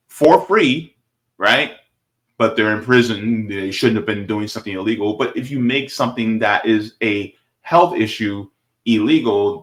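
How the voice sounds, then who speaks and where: A man's voice: on the low side, a bit bright. Emphatic man reacting to a clip. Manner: emphatic, repeats points with "right?" and "baby". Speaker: commentator reacting to a video. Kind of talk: casual political commentary.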